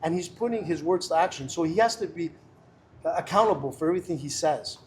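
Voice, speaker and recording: Middle-aged guy making his case, earnest and pushy, voice a bit high, faint noise behind. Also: brisk, a little mellow. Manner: emphatic, earnest and persuasive, many restarts. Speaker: political candidate guest. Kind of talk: casual interview chat.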